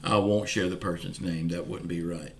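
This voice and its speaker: A man's voice: low-pitched, fairly even intonation, moderate pace, gravelly. A man with a Southern US accent, from Florida, hosting a casual video update in a folksy, earnest way; some of his words come out slurred. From Pensacola, Florida, US. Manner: folksy, earnest, keeps saying y'all. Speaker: channel host. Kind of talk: casual direct-to-camera update.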